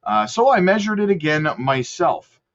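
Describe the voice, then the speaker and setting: A man's voice: a little high, very animated, moderate pace, fairly bright tone, muffled recording. A man hosting a crypto video channel, talking loosely through a chart with lots of fillers and self-corrections. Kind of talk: casual screen-share commentary.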